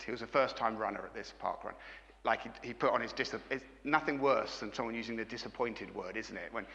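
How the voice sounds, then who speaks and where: A man's voice: medium pitch, animated, a little fast, bright, forceful tone, long reverb tail, lo-fi sound. A middle-aged man preaching a sermon, engaging his congregation with frequent questions. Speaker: pastor.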